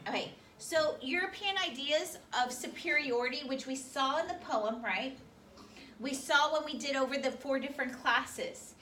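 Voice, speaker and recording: A woman's voice: high voice, sharp tone. A woman teaching a history class, firing questions at her students. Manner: quizzes students with rapid questions. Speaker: high school history teacher. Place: school classroom. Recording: distant classroom recording, faint noise.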